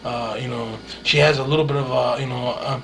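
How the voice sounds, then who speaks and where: A man's voice: mid-range voice, fairly even intonation, a little fast, a bit bright, slight background noise, rough recording. A man recording a rambling monologue diary, hesitant and full of fillers and restarts, sounding dreamy and awed.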